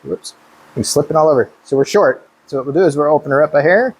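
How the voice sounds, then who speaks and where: Laid-back shop guy walking thru a truck build, voice a bit high, thinks out loud as he works. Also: fast talker, breathy edge. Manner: relaxed and hands-on, thinking aloud while working. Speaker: car builder and channel host. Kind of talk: casual shop talk explaining a build.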